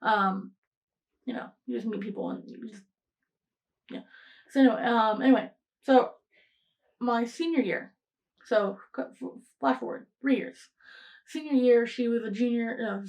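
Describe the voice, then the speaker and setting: A young woman in her late teens hosts a podcast, telling a story in a rambling, casual way full of fillers and restarts, acting out quoted lines. Her voice is a little high with a darkish tone, creaky and a bit slow, with long pauses.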